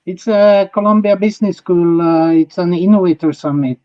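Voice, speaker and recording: A man from Norway with a Norwegian accent, a podcast guest who answers in a halting, thoughtful way. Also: high voice. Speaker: podcast guest, audiology innovator. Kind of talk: casual interview answers. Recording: dull, muffled remote audio.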